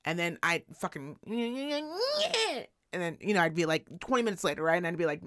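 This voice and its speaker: Profane, animated woman telling a story. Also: mid-range voice, a little fast, dry recording, studio quality. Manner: profane, animated storyteller who acts out quotes. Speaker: podcast co-host. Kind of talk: casual storytelling chat.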